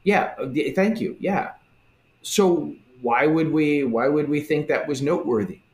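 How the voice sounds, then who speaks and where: A man in a casual religious discussion who talks in an animated way and acts out the voices he quotes. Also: on the high side, a little slow. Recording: roomy echo.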